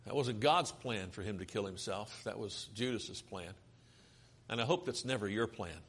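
A man's voice: lowish voice, normal speed, fairly bright tone, husky. A man preaching a sermon, earnest and pleading, asking his listeners rhetorical questions.

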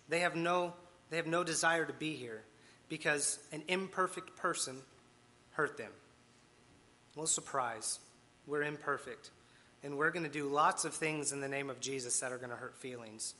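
A man's voice: on the high side, normal speed, bright, forceful tone. A man preaching a conversational sermon with asides and self-deprecating humor. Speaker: lay preacher.

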